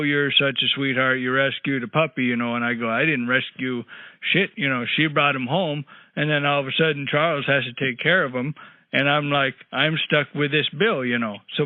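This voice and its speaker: A man's voice: medium pitch, no room sound, lightly acted. A man playing a cranky, rambling old man on a prank phone call, grumbling with crude asides. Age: older. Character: cranky rambling old man caller, married sixty years. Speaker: prank caller. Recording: tinny phone line, dry.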